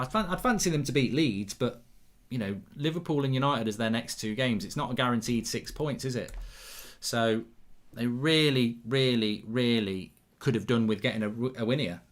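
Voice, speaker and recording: A middle-aged man hosting a live football watchalong, chatting loosely, reacting to the match as it happens and reading out viewer comments. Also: mid-range voice.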